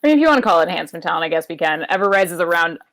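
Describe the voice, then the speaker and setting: Sarcastic woman, lively pitch. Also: racing. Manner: sarcastic, swears, mocks in quoted asides. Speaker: podcast co-host. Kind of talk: casual banter.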